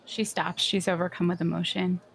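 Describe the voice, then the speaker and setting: A woman player describing her character's actions in a tabletop game, calm and descriptive. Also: mid-range voice, measured pace.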